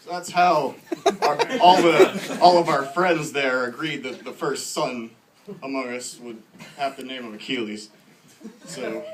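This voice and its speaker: A man's voice: mid-range voice, low-quality recording. A man in his twenties telling casual, self-deprecating stories at a stand-up open mic in a small bar. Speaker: first-time stand-up comedian. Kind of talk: stand-up comedy.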